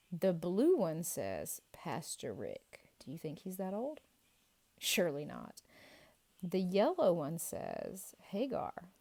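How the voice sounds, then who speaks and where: A woman's voice: lowish voice, creaky. A woman leading a playful Bible quiz for children, drawing out each answer and cheering the kids on. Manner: playful, animated and encouraging, drawn-out answer reveals. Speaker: children's ministry teacher.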